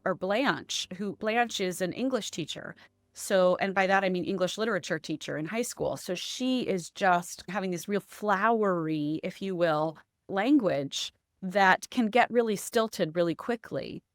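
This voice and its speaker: A woman's voice: on the low side, no room sound. A woman voice and accent coach explaining her methods in a conversational interview, often checking in with "right?".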